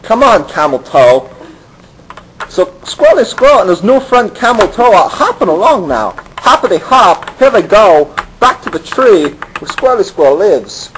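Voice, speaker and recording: A man tells a kids' bedtime story in a deadpan, rambling way, speaking straight to the children. His voice sits high and swings widely in pitch, with a faint hiss behind it. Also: low-quality recording. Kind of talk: bedtime-story narration for kids.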